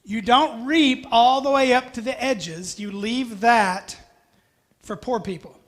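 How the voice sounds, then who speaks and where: A preacher talks through a scripture passage in a loose, conversational sermon. The delivery is folksy and chatty, full of asides and gentle humor, at a middle pitch. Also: takes it slowly.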